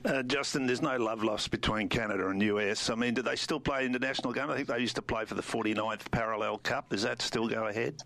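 A man's voice: mid-range voice, fast talker, gravelly, few pauses, a bit bright. A man co-hosting a radio show, asking loose, chatty questions. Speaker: radio co-host. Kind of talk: casual radio chat.

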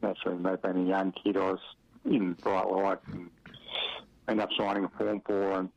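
Gravelly deep Australian man reminiscing. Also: level tone, normal speed, dry recording. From Western Australia. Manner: rambling, chuckling, many fillers. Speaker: interviewee, former footballer. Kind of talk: relaxed storytelling in an interview. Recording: dry, dull lo-fi radio audio.

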